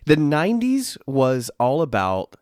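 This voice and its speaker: A man's voice: on the high side, wildly swooping pitch, unhurried, darkish tone, no echo, clean studio sound. A man co-hosting a podcast, chatting casually and making wry, joking remarks. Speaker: podcast co-host. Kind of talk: casual chat.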